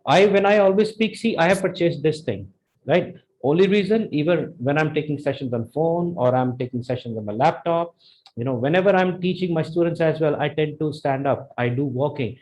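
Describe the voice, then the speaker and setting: Man, Indian English accent, tutor demonstrating intonation, mellow tone, highish voice. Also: fairly quick, rough recording. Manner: animated, demonstrates intonation with sudden pitch jumps. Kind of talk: live online spoken English lesson.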